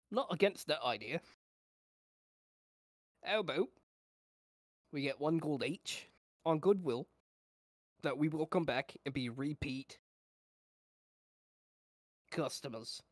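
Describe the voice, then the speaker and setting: A man's voice: fairly high pitch, animated, takes it slowly, pauses often, dry recording, studio quality. A man playing a tabletop game, talking in character in a laid-back, joking way and swearing casually. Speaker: player.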